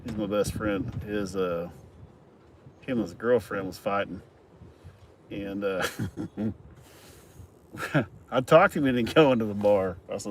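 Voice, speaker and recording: A man's voice: lowish voice, slow, long pauses. A middle-aged man telling a long, profane story in a loose, rambling way, chuckling as he goes. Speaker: farm worker telling stories. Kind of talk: casual storytelling. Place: outdoors at a work site. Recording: outdoor recording with traffic noise. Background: vehicle and outdoor noise.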